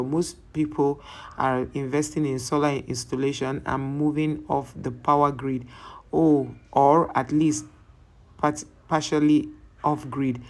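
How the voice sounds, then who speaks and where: A reaction channel host reading viewer comments aloud, often restarting words mid-sentence and adding relaxed, conversational asides between them. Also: mid-range voice.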